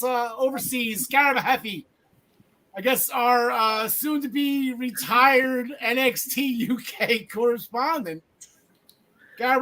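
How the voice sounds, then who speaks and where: High, bright-voiced joking podcast host. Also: male voice. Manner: jokey, rambling, swings from loud to mumbled. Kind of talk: casual podcast chat.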